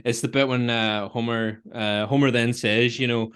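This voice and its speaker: Man, Northern Irish accent, casual review chat, lively, swears a lot, mid pitch. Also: moderate pace, smooth. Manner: animated, swears, quotes lines in put-on voices, laughs often. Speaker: podcast co-host.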